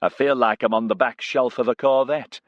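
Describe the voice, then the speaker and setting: A man's voice: mid-range voice, moderate pace, dry recording, dull audio, pitched above the performer's own voice, close to an everyday voice. A man voicing a cool, laconic young British woman soldier with a Mancunian accent. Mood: dry. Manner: laconic, even.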